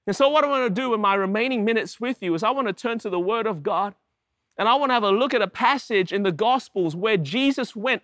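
A man's voice: high-pitched, fairly bright tone, dry recording, clean studio sound. A man preaching a sermon to his congregation, emphatic, with repeated rhetorical questions. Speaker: pastor.

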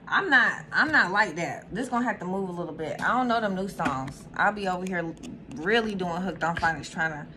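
A young woman hosting her own channel in casual, animated chat, swearing freely and jumping to sudden high squeals. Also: slight background noise. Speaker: tarot reader and channel host.

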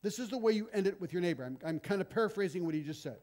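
Male missionary preacher, high-pitched voice, lively and animated, shifts between loud bursts and soft asides. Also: rapid-fire. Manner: animated, acts out confrontations with sudden loud bursts and quiet asides. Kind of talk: sermon. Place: church.

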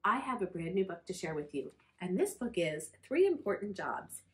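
A woman's voice: on the low side, moderate pace. Librarian lady reading a kids' book, friendly, voice bouncing up and down a lot. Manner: expressive, friendly storytelling. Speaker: children's librarian. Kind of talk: reading a picture book aloud to children.

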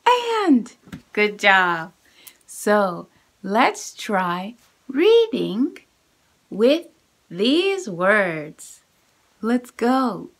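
High, lively woman teaching kids. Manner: encouraging, praising, exaggerated sing-song. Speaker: English teacher for children. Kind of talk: sight word drill for kids.

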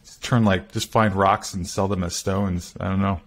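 A man's voice: deep voice, fairly even intonation, normal speed. A man co-hosting a podcast in casual chat, joking with sarcastic asides. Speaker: podcast co-host.

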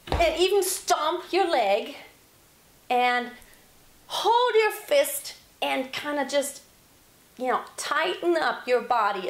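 A woman teaching singing, explaining vocal exercises and demonstrating loud yells. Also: a little high. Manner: explains with demonstrations, yelling examples. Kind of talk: vocal lesson. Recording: roomy echo.

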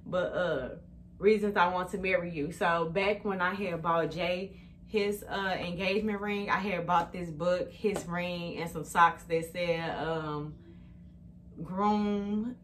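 A woman's voice: fairly low pitch, fairly even intonation, slow, fairly bright tone, slight background noise. A woman vlogging at home in a casual, chatty way, talking straight to her viewers on a phone camera.

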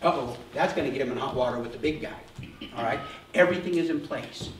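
A man preaching a sermon as pastor, telling the story with animated asides and acted-out voices. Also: medium pitch, fast talker, reverberant, distant mic, a little hiss or hum, poor audio. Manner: animated storytelling, acts out voices of crowds and leaders. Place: church.

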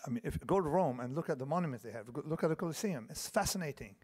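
Speaking at a racing pace, this fifty-something keynote speaker has an expressive, slightly high voice, darkish in tone with a breathy edge. He wanders off on tangents, restarts frequently, and keeps asking the audience "okay?". Long reverb from the large conference hall fills the recording.

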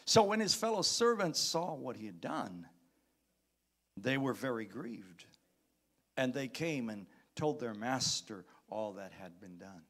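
Animated man preaching a sermon. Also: medium pitch, a little slow. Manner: animated preaching, reading scripture aloud with dramatic emphasis; calls out to the congregation. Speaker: pastor.

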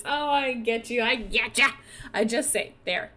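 A woman's voice: on the high side, takes it slowly, long pauses, pushed and bright. A woman streamer giving chatty, rambling commentary while playing a life-sim game. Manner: chatty, rambling, full of "like" and laughter. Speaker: gaming streamer. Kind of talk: casual let's-play commentary.

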